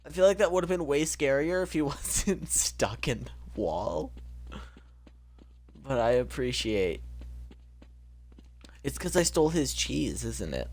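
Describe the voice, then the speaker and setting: A young man streams a game and talks through it casually, cracking jokes and blurting out reactions. His pitch swings widely and stays animated throughout. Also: measured pace, vocal fry, pauses often, breathy edge. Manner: jokey, exclaiming, talking to himself. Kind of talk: casual gameplay commentary.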